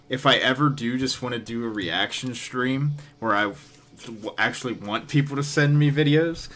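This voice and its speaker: A man's voice: medium pitch, fairly bright tone. A man streaming live, giving casual, dry and sarcastic commentary.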